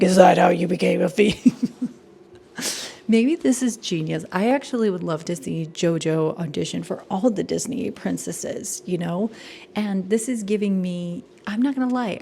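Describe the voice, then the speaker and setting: Chatty woman with a gravelly edge. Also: mid-range voice, normal speed, a little hiss or hum. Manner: chatty, animated, laughs often, drops into whispers. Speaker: performing arts commentator. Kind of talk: casual commentary. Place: home room.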